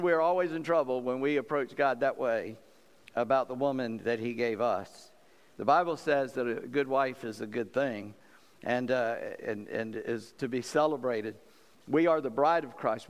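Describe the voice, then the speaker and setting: A pastor from South Carolina preaches a sermon with a mid-range, animated voice at a moderate pace. His style is folksy and conversational, with laughs and acted-out quotes, and the recording carries a long hall reverb.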